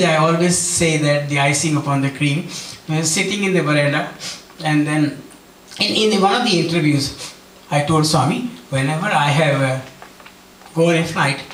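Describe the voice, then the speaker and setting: A man's voice: on the high side, fairly bright tone, a little hiss or hum. A man giving an earnest devotional talk, telling personal stories and acting out what others said. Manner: earnest, storytelling, acts out quotes. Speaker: speaker at a devotional gathering. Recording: roomy hall, mic at a distance.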